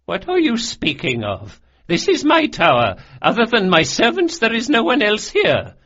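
A man voicing an aged, imperious noblewoman in an audiobook, speaking coldly and sharply in a raised, high voice, on a dull lo-fi recording. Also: very animated, takes it slowly, slightly rough, heavily acted. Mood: cold, indignant. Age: older. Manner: cold, commanding, sharp.

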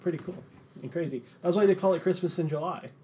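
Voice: medium pitch, fast talker, dark tone. Laid-back podcast co-host, faint hiss. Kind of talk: casual chat.

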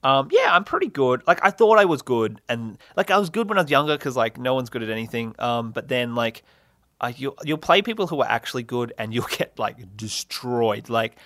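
A man's voice: mid-range voice, very animated, a little fast, a bit bright, dry recording, clean studio sound. A young man hosting a solo comedy podcast, rambling and self-mocking with lots of fillers and laughs. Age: young adult. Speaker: podcast host.

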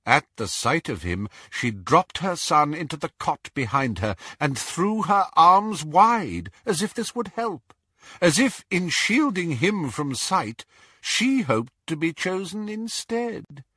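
A man narrating an audiobook with slow, dramatic delivery. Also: on the high side, sing-song, sharp tone, breathy edge, no room sound, studio quality.

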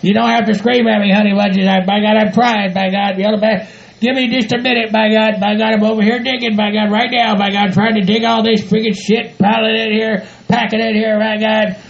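Gruff hillbilly rancher, voiced by a man, gravelly and high, cussing nonstop, lo-fi audio. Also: little pitch movement, fairly quick. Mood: grumbling. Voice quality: gravelly, exaggerated country hick voice. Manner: grumbles, swears, keeps repeating "by God". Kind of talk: comedy audio skit. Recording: dull lo-fi home recording.

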